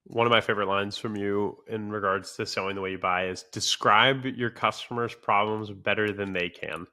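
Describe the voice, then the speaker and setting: A man hosting a podcast. He has a lowish voice with a bright, forceful tone. He asks questions casually and slips in jokes. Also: fairly even intonation, moderate pace. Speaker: podcast host.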